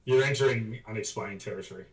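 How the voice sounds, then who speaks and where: A man's voice: on the low side, quick pace, echoey room, recorded from a distance, rough recording. A man chatting and joking casually on a livestream. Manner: joking, banter-filled. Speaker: streamer.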